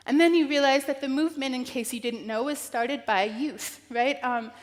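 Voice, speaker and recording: A woman from northern New Mexico speaks in a fairly high voice, giving an earnest personal keynote. She talks haltingly, restarting lines and filling gaps with "um," and she is close to tears. Her voice rings out with the long reverb of a large event hall. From northern New Mexico, US Southwest. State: emotional.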